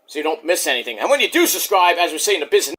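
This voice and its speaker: Brash high-voiced man doing a channel spiel. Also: big pitch swings, rapid-fire, a bit bright, husky. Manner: brash, boastful, rambling. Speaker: YouTuber.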